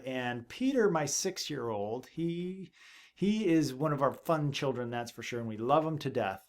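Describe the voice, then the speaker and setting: A man hosting a parenting video, father of seven, giving earnest, emphatic advice straight to the camera and dropping his voice low for asides. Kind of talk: direct-to-camera advice talk.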